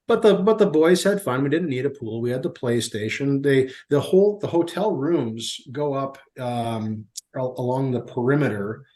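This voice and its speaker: A man's voice: mid-range voice, animated, a little slow, dark tone. A man in his forties, a podcast guest, telling stories at an easy pace with plenty of fillers. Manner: rambling storyteller with many fillers. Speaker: guest, youth hockey manager. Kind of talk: casual podcast chat.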